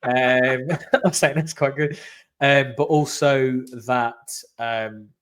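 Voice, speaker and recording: Guy hosting a football podcast, talks in long excited run-on bursts over a video call. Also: mid-range voice, takes it slowly. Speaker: podcast host. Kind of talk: casual football chat.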